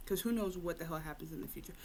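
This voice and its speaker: A woman's voice: on the low side, racing. A woman co-hosting a podcast, recapping a TV episode in casual, slangy chat and acting out the characters' lines as she goes. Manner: animated, slangy retelling with acted-out quotes. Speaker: podcast co-host.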